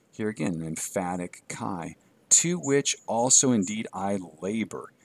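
A man teaching a Greek course in a recorded lecture, measured and halting with fillers, reading Greek aloud and then translating it. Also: on the low side, no room sound. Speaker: Greek instructor.

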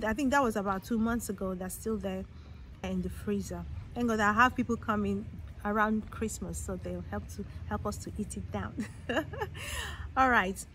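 A woman talks casually straight to camera, hesitating with ums and starting sentences over. Her voice sits at a middling pitch, and faint noise hums behind her. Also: fairly bright tone. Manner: chatty, hesitant, many ums and restarts. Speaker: vlogger giving shopping tips.

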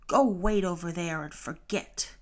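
A woman's voice: fairly low pitch, a little slow, fairly bright tone. A woman voicing a worried, overprotective father clownfish in a storybook read-along. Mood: weary. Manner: anxious, sometimes snappish.

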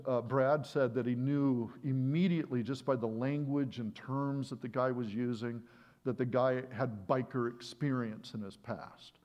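A male pastor telling a story during a sermon in a conversational, animated way, often restarting his phrases. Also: medium pitch, lo-fi sound.

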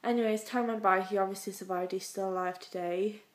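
A British woman talking straight to her viewers in a confessional vlog. She rambles in a heartfelt, emotional way, in a voice of ordinary middle pitch. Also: steady tone, brisk, low-quality recording. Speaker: vlogger.

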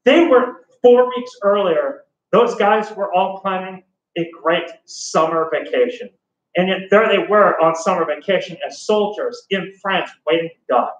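High-voiced chatty teacher in an echoey room. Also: male voice, lively intonation, a little slow, distant mic, highs cut off. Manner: chatty and enthusiastic, joking, many fillers. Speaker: history teacher. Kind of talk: casual classroom lecture.

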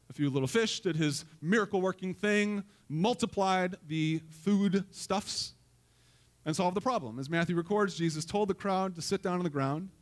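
A man with a fairly high speaking voice preaches to his congregation. He keeps the sermon chatty and light, telling stories, cracking jokes and tossing questions out to the people in the pews. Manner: conversational, joking storyteller who asks the congregation questions. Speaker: pastor.

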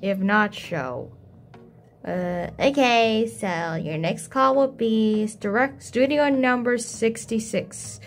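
A woman's voice: fairly high pitch, slow, soft background music. A young woman playing out a toy story, doing every figure herself in shifting voices. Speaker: toy play video maker. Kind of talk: toy role-play with many voices.

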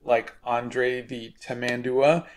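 A man's voice: medium pitch, flat delivery, takes it slowly. A man, an artist, hosting a casual livestream and telling viewers an easygoing story.

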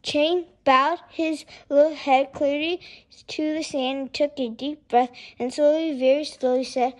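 A woman reads a children's picture book aloud. Her voice sits high and bright, and she lilts expressively through every sentence. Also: measured pace. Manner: expressive, lilting. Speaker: storyteller. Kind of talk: children's storybook read-aloud.

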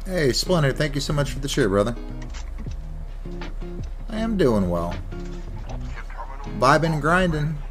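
Male streamer, playful, animated pitch, unhurried. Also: faint music behind. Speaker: game streamer. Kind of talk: live-stream commentary.

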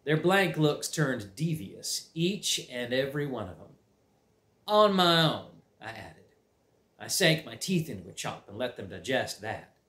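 A man's voice: mid-range voice, animated, a little slow, a bit bright. A man reading a chapter book aloud for a library, narrating in a folksy drawl. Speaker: library read-aloud reader. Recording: roomy echo.

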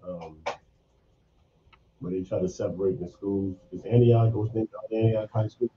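A man's voice: fairly low pitch, steady tone, normal speed. Chill guy on morning radio, laughing a lot, kinda echoey and muffled mic. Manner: laid-back, laughs often, muses aloud. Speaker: radio show host. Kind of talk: casual morning radio banter. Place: radio studio. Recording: slightly muffled studio mic with faint background hiss.

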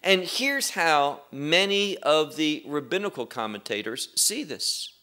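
A man teaching a Bible study, explaining verses deliberately and with emphasis, and asking his listeners questions. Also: a little high, very animated, sharp tone.

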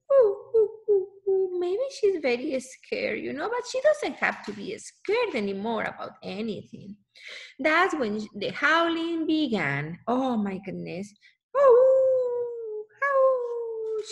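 A woman reading a picture book aloud to children, exclaiming often and stopping to ask the listener questions. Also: high-pitched.

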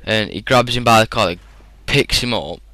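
This is a rambling, chatty gaming commentary from a British teenage boy who tells stories over gameplay, laughing and using plenty of fillers. His slightly low voice is bright and clean, at a normal speed. The sound is close and dry, with no echo from the room.

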